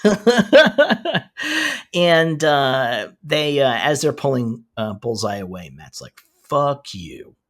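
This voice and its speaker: A man co-hosting a casual show chat, animated and laughing often as he recaps scenes. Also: a little high, slow, pauses often. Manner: animated, laughing, quoting characters in asides. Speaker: podcast co-host.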